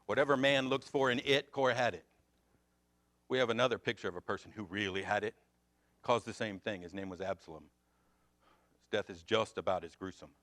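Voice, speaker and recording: An American man teaching a Sunday school Bible class, swinging between loud emphatic questions and quiet asides. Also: low voice, no room sound.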